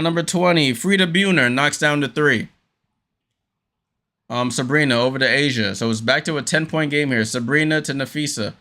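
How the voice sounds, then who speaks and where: A man hosting a casual fan watchalong, calling the game play by play with frequent fillers and sudden jumps of excitement on big plays. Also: a little high. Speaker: host.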